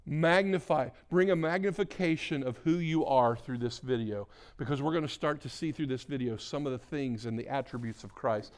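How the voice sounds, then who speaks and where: A male pastor delivering a sermon in a middle-pitched voice. He preaches with mounting emphasis, pushing his voice louder as he drives each point home. He often repeats words and restarts his sentences as he goes. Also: moderate pace, hardly any pauses. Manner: builds to loud emphatic preaching, then soft hushed prayer.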